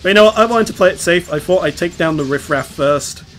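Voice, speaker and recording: A man's voice: sits high, lively intonation, fast, a bit bright, slight background noise. A man hosting a let's play, rambling through casual gameplay commentary and laughing often as he explains. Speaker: let's play host playing the game.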